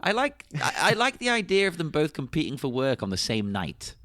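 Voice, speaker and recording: A man co-hosting a podcast in casual chat, animated and quick to laugh. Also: on the high side, no room sound, studio quality. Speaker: podcast co-host.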